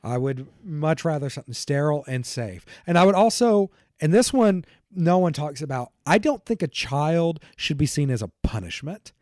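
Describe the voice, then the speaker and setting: A man's voice: a little high, very animated, normal speed, hardly any pauses, darkish tone, dry recording, studio quality. A man hosting a podcast, talking casually and thinking aloud, laughing often between points. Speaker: podcast host.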